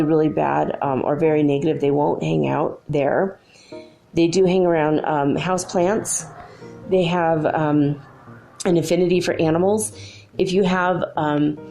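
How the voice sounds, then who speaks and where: A woman's voice: low voice, vocal fry, dark tone. A middle-aged woman hosting a spiritual talk show, telling stories in a chatty, rambling way with many fillers. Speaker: spiritual channel host. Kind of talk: casual spoken monologue.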